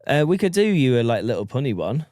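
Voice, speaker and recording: A man's voice: mid-range voice, very animated, fast talker, mellow, no room sound, clean studio sound. A man co-hosting a podcast, teasing his friend, laughing often and swearing in casual banter. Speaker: podcast co-host.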